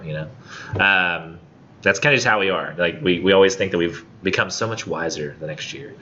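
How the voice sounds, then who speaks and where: A man's voice: low-pitched, normal speed, sharp tone, highs cut off. A man in his thirties teaching a college literature class, reading a poem aloud and then explaining it in a chatty, joking way with lots of "like" and "um". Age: 30s. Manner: casual, chatty, frequent "like" and "um", jokey paraphrase. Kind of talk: classroom lecture with poetry reading.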